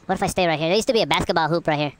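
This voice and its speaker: A woman giving loud, casual commentary over her own gameplay, swearing often and laughing at her own deaths. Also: lowish voice, rapid-fire, slight background noise. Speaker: gamer, channel host. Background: game gunfire and explosions.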